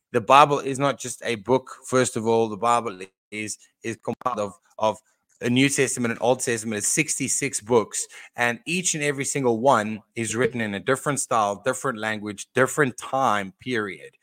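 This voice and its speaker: A man's voice: medium pitch, normal speed, a bit bright, no echo. Earnest preachy man on a podcast. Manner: earnest, preachy, frequent restarts and fillers. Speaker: podcast co-host. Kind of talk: casual Christian podcast talk.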